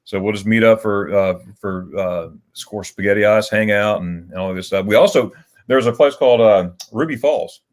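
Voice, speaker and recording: A man's voice: fairly low pitch, moderate pace. Guy hosting a livestream, rambling along, laughs a lot, keeps restarting his sentences. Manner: rambling storyteller with frequent restarts and chuckles. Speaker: livestream host. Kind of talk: casual livestream chat.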